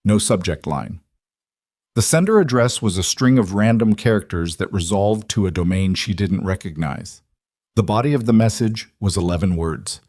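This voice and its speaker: A man narrating a story in a steady, deliberate audiobook reading. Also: on the low side, no room sound, studio quality.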